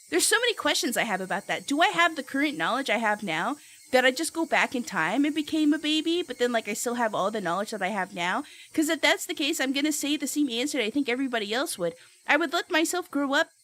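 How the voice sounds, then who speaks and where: A young woman streamer chatting casually with her viewers, giggly and playful, loudly reacting to chat. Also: sits high.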